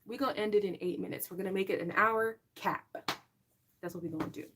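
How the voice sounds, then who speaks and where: A young woman hosting a casual livestream chat, talking straight to her viewers in an animated way and laughing often. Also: mid-range voice, fast talker, a little hiss or hum. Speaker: livestream host.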